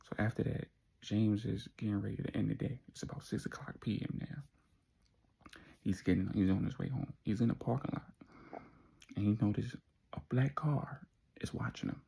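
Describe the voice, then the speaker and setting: A man telling a story casually, in a slangy, conversational way with dramatic pauses. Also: on the low side, creaky, warm tone, slightly rough.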